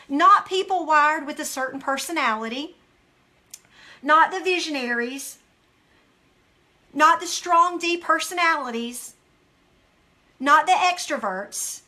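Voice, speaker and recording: A woman's voice: high-pitched, unhurried, long pauses, sharp tone. A woman hosting a devotional study, speaking earnestly and emphatically to viewers and reading scripture aloud.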